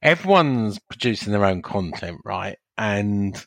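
A low-pitched man co-hosts a football podcast, talking wryly and a bit haltingly, with plenty of swing in his voice. He is recorded close and dry. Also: very animated, gravelly, dry recording. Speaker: podcast co-host. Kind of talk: casual football podcast chat.

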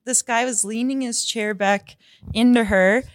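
Blunt woman, high dry voice. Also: steady tone, a little slow, no room sound. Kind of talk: casual chat.

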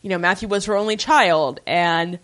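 A woman's voice: fairly low pitch, normal speed, a bit bright. A woman co-hosting a casual recap chat, wry and sarcastic. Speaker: podcast co-host.

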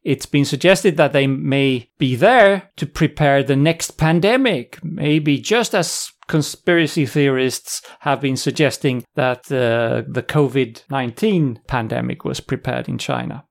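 A man's voice: mid-range voice, measured pace, creaky, few pauses. A man co-hosting a podcast, talking casually and wryly as he walks through news and sources. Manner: conversational, wry, reads out sources and quotes. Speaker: podcast co-host.

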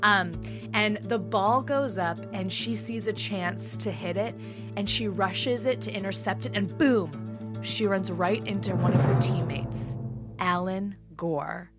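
A woman's voice: mid-range voice, a little slow, over loud music. A woman co-hosting a casual true-crime podcast, playfully setting scenes as she tells the story. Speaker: podcast co-host.

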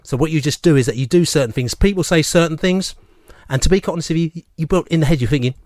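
A man, a regular on a radio fan show, telling a long story in a rambling, animated way and acting out the people he quotes. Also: a little high, quick pace, no echo, studio quality. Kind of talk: casual radio chat, storytelling. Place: radio studio. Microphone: studio microphone.

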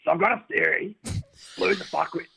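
Impression bit: man doing a gravelly Aussie bloke, raised and gruff, noisy home voice memo. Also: high-pitched, wildly swooping pitch, fairly quick, full character voice. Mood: cheeky. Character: man mimicking the male host, blunt blokey.

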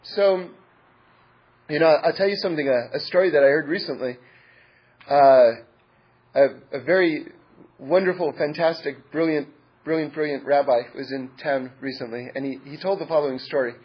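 A man's voice: on the high side, moderate pace, husky. A man teaching a religious class, telling stories earnestly and repeating his words for emphasis. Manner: repetitive, earnest, stacks adjectives. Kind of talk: storytelling talk. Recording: dull lo-fi recording.

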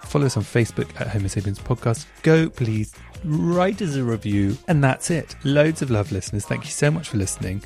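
A man's voice: medium pitch, expressive, quick pace, vocal fry, hardly any pauses, darkish tone, faint music behind. A man hosting a podcast, chatting and gushing enthusiastically while reading out listener messages. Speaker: podcast host.

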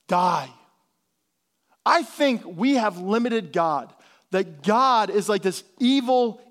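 A male pastor giving a sermon in a casual, conversational way, with slangy asides. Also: sits high.

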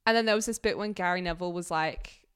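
A woman co-hosting a podcast, chatting casually and telling stories with lively quoted voices. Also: fairly low pitch, fast, smooth. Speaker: podcast co-host. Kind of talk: casual chat.

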